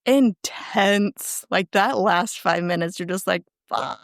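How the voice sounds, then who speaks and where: A woman's voice: medium pitch, slow, dry recording, studio quality. A woman co-hosting a podcast, casually retelling an episode's plot and acting out the characters' lines. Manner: animated retelling with quoted lines. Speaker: podcast co-host recapping an episode. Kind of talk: casual recap chat.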